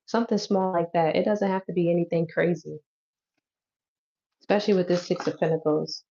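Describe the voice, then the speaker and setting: Woman, chatty tarot reader, relaxed dark tone, muffled lo-fi sound. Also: on the low side, fast. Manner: loose, chatty, swears and laughs easily. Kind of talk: casual tarot reading to camera. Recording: dull lo-fi audio.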